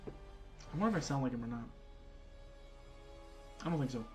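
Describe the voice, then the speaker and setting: Casual, swearing gaming streamer. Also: male voice, medium pitch, lively intonation, moderate pace, faint music behind. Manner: casual, profane, thinks aloud. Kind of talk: casual livestream commentary.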